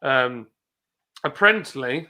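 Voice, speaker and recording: A man hosts a relaxed live stream, reading out viewer comments and wandering off on tangents as he goes. His voice is bright and forward. He sits at a middle pitch for a man. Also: slow pace. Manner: chatty, rambling, reads comments aloud. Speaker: livestream host reading viewer chat. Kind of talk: casual chat.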